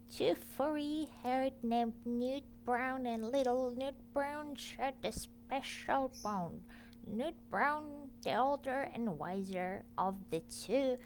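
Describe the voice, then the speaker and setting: A woman reads a children's picture book aloud at a very slow pace. Her reading is informal, with stumbles and self-corrections along the way. A faint hum sits under her voice. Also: mid-range voice. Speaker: reader.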